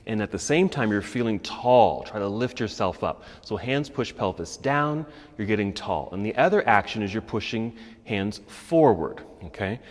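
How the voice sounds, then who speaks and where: A man teaching a yoga class, calmly cueing poses and breaths, and he is a little out of breath. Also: on the low side, moderate pace, big-room sound. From United States. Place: yoga studio.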